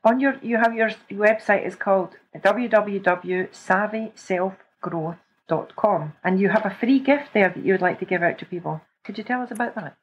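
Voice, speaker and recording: A woman's voice: mid-range voice, normal speed, muffled recording, a little hiss or hum. A woman hosting a podcast interview in a chatty, casual way, laughing often. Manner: chatty, laughs often, animated when retelling. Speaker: podcast host. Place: remote call.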